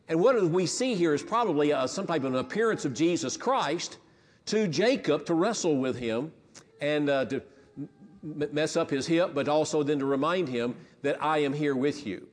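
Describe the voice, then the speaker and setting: A man's voice: on the high side, moderate pace, long reverb tail. A pastor preaching a sermon in a conversational way, often restarting his phrases.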